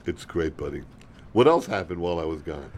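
A man hosting a comedy radio show, trading dry, deadpan jokes with his co-host at a studio microphone. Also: sits low, brisk. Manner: dry sarcastic deadpan joking.

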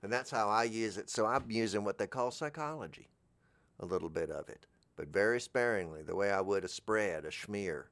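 A man's voice: fairly low pitch, animated, moderate pace, a bit bright, no echo. A man in a rambling comedic monologue, drifting through absurd, meandering trains of thought. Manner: talks over background music. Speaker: comedic character host.

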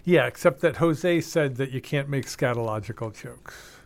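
A man's voice: medium pitch, moderate pace, vocal fry. A man hosting a radio show, speaking in an easygoing, matter-of-fact way and explaining things plainly. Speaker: radio host. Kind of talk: casual radio banter.

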